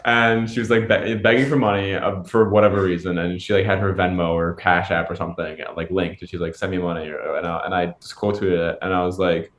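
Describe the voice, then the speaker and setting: A man with a fairly low voice chats casually as a podcast co-host. He rambles, stalls on fillers and restarts his sentences, and the sound comes through with a noticeable room echo. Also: level tone. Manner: rambling, halting, full of fillers. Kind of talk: casual chat. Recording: echoey room.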